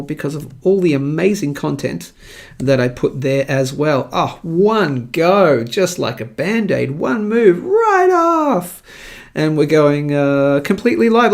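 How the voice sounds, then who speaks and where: A man's voice: fairly high pitch, creaky, darkish tone. A man with an Australian accent hosting a live market show, chatting in an upbeat, jokey way. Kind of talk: casual live-stream commentary.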